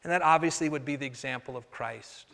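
A man preaching a sermon as pastor, earnest, swinging from loud emphasis to soft, slow phrases. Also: medium pitch, creaky, in a large hall.

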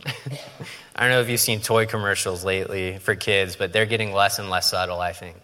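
A male pastor preaches with a bright, forceful voice, in a casual, joking way. He often slips into quoted voices for effect. The sound rings with the long reverb of a large church hall. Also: low-pitched, steady tone, normal speed. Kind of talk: sermon.

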